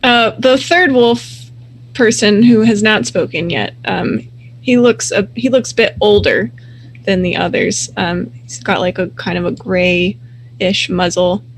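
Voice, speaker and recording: A woman narrating a tabletop game as game master, describing scenes in a relaxed way with fillers. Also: mid-range voice, unhurried, a little hiss or hum.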